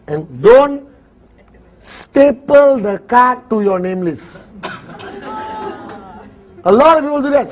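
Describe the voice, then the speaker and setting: Malaysian man, seminar trainer, lively and jokey, high husky voice. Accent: Malaysian English. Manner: animated, jokey, acts out little dialogues. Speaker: network marketing trainer. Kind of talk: live seminar talk.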